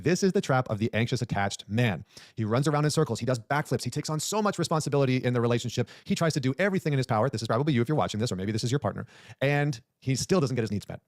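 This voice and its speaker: A man's voice: medium pitch, darkish tone, no room sound, clean studio sound. A man coaching men on relationships, talking straight to the listener with emphatic repetition. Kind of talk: direct-to-camera advice talk.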